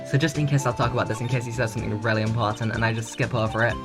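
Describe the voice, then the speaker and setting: A young man streaming a game, joking and reacting in a chatty, excitable way. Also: mid-range voice, racing. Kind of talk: let's play commentary. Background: game music.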